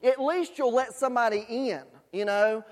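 A man's voice: very high-pitched, normal speed. A man preaching a sermon, telling folksy stories with asides to the congregation. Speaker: pastor. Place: church sanctuary. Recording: long hall reverb in a church.

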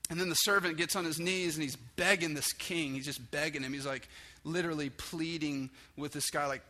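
A man's voice: a little high, brisk, few pauses. A man preaching a casual sermon, talking conversationally and acting out the story's dialogue. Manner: casual and conversational, with many restarts and "like"; acts out dialogue with raised, excited voice. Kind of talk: informal sermon.

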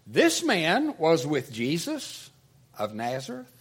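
Man voicing an accusing servant girl, pointed, slow, husky. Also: a little high, wildly swooping pitch, exaggerated voice. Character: accusing young female servant.

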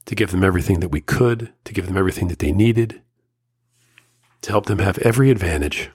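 A middle-aged man hosting a solo podcast, talking earnestly and emotionally in slow, measured phrases, firm and lecturing at times. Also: sits low, darkish tone, slightly rough, no echo, clean studio sound. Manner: firm and lecturing about fatherhood. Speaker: podcast host.

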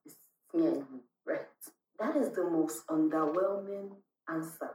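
A woman's voice: deep voice, unhurried, a little mellow, far from the mic. Emotional woman co-host in an echoey room. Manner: emotional, rambling, with many restarts. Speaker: podcast co-host. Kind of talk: casual chat.

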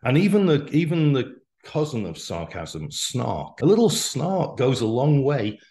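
A man around sixty, a podcast guest giving his opinions in a deliberate, emphatic way. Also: mid-range voice, a little mellow. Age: 60s. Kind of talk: casual podcast conversation.

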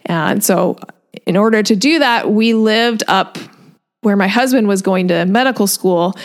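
A woman nutrition coach talks straight to her listeners in a relaxed podcast monologue, her voice pitched in an ordinary middle range. She is chatty and loose, leans on "like" as a filler, and breaks into small laughs as she goes.

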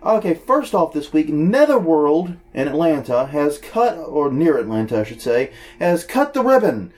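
A man's voice: a little high, moderate pace. Guy cohosting a podcast, cracks jokes reading event listings, voice bounces all over. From New Orleans. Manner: jokey, self-deprecating, animated. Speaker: podcast co-host.

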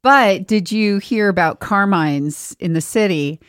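A woman in casual chat as a co-host, curious, asking questions and telling animated stories. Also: mid-range voice, unhurried, no echo, clean studio sound.

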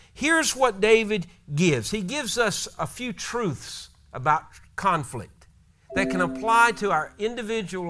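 A pastor delivers a sermon in an earnest, exhorting manner, retelling scripture stories. His voice is high for a man and bright and forceful.

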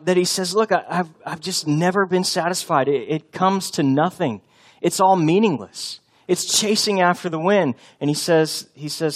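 Conversational man preaching, fairly high voice. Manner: conversational preaching, acts out quotes with shifts of loudness; many fillers and restarts. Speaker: pastor. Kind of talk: sermon.

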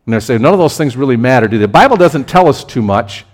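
A male pastor delivering a sermon in a lively, conversational way. His voice sits at a middle pitch, and he pushes into emphatic peaks as he drives his points home. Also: fast. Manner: animated, conversational preaching with rising emphasis.

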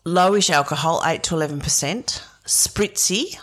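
A woman, a wine expert co-hosting a show, explaining things in an animated, knowledgeable way. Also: deep voice, moderate pace. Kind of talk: casual chat.

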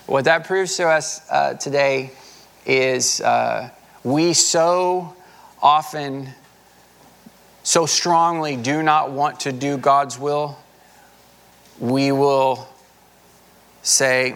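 Man preaching a relaxed folksy sermon. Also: medium pitch, drawn-out words, vocal fry, pauses often, clean tone. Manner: conversational, folksy preaching with filler words. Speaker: pastor.

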